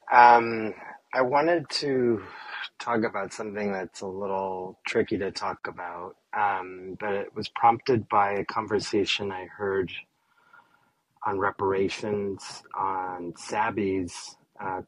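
A man calling in to a talk show, speaking hesitantly and carefully with many pauses and ums. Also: fairly low pitch, fairly even intonation, low-quality recording. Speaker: caller. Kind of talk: casual call-in chat.

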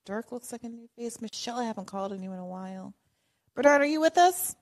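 A woman's voice: on the high side, lively intonation, quick pace, darkish tone. A woman hosting a casual call-in show, chatting with callers in a friendly way and often dropping to a murmur.

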